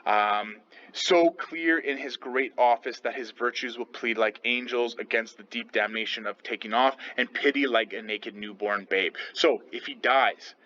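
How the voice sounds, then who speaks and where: A man's voice: medium pitch, a little slow, pushed and bright. A man teaching a literature lesson in a casual, chatty way. He often checks in with his listeners by asking "okay?" and "right?". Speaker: English teacher. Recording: slightly muffled with faint noise.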